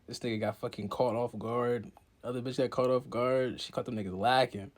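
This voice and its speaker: A young man casually recapping a manga chapter in slangy, profane talk, jumping into character voices in excited bursts. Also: medium pitch, brisk. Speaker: content creator recapping a manga.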